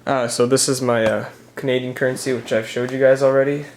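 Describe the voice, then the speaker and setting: A young man talking casually through his banknote collection for a vlog, relaxed and halting, pausing with "uh" as he reads dates off the notes. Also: mid-range voice, slight background noise. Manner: relaxed, halting, many "uh" pauses while reading notes. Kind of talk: casual show-and-tell vlog.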